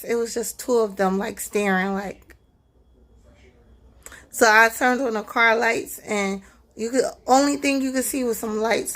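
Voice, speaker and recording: A woman from New Jersey telling a scary story in a casual vlog, excitable, swearing freely and saying "like" and "right?" a lot. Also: fairly high pitch. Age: adult with a son. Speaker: vlogger.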